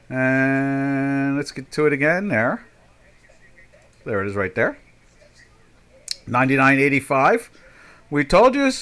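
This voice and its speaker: Older male trading host, bright tone, rambling and sarcastic, live webinar chat. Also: on the high side. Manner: rambling, sarcastic, mimics media voices. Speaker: market analyst host.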